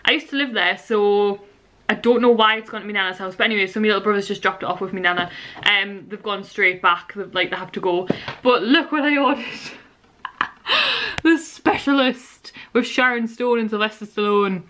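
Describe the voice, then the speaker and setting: Chatty woman vlogging, bright voice. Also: mid-range voice, normal speed. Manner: chatty, rambling, lively storytelling. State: tired and out of breath. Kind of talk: casual vlog chat to camera. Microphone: handheld camera.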